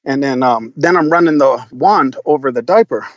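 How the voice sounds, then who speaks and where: A man guest on a podcast, telling a story in a casual, profane, animated way with lots of fillers and restarts. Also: mid-range voice, normal speed, no echo, highs cut off.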